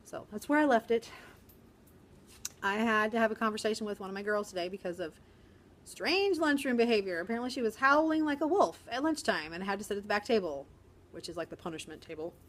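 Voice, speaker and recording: A middle-aged woman, a first grade teacher, chatting casually in a vlog from a quiet corner of her school, with a sarcastic humor and quick laughs. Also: medium pitch, animated.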